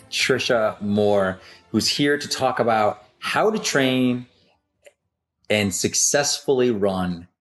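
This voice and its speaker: A man's voice: on the low side, fairly bright tone. A man hosting a podcast in his office, chatty and enthusiastic, with rambling asides. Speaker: podcast host. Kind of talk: casual interview chat.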